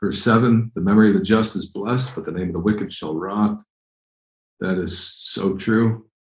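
Male preacher, lowish voice, emphatic and conversational, roomy echo. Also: moderate pace, darkish tone. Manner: conversational, emphatic, repeats phrases. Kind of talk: expository sermon.

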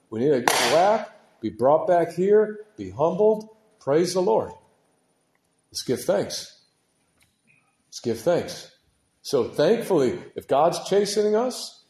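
Impassioned male preacher in an echoey room. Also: on the high side. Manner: impassioned, swings from hushed to shouting; casual slang like dude and man. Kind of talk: sermon.

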